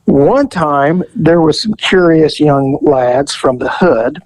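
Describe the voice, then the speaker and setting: A man hosting a podcast, telling stories in a casual, animated way, chuckling and restarting phrases. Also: a little high, takes it slowly, low-quality recording. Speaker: podcast host, storyteller. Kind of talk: casual storytelling chat.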